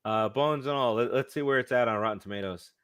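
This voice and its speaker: A man's voice: medium pitch, fast, fairly bright tone, smooth, no room sound, clean studio sound. A man co-hosting a sports and movie podcast, talking casually with lots of fillers and restarts. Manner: rambling, many fillers and restarts. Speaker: podcast co-host. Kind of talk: casual chat.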